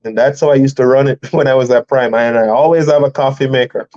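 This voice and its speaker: A man's voice: medium pitch, fairly even intonation, quick pace, dark tone, muffled recording. A man hosting a live stream for truck drivers, telling rambling stories in casual chat and laughing often.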